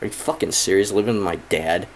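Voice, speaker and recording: A man's voice: low voice, fast, slight background noise. A man in his thirties ranting casually to the camera, frustrated and profane, rambling with many fillers. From Michigan, USA. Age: 30s. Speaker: vlogger.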